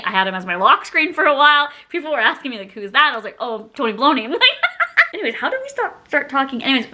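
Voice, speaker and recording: Giggly chatty young woman, bright voice. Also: fairly high pitch. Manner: giggly, rambling, self-mocking. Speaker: beauty YouTuber. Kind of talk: casual chat to camera.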